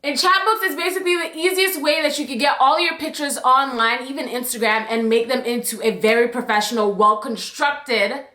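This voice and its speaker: A woman's voice: high-pitched, fairly quick, hardly any pauses, sharp tone. A young woman from Jamaica chatting to her viewers in a casual story-time vlog, bubbly, chatty and emotional. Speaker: YouTube vlogger. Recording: echoey room.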